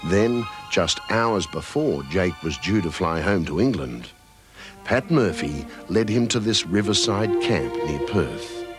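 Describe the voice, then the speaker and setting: A man giving scripted documentary narration in a measured, solemn manner. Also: low-pitched, expressive. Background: background music.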